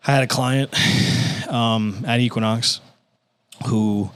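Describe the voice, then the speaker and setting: A man's voice: medium pitch, slow, clear, resonant tone. A man, a stand-up comedian telling stories as a podcast guest and acting out the people he quotes. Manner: animated, acts out quotes with profanity. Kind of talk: casual storytelling.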